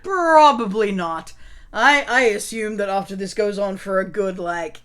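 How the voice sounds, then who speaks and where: Woman, co-player, dry teasing wit, mid-pitched voice. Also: measured pace, fairly bright tone. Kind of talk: tabletop role-play game chat.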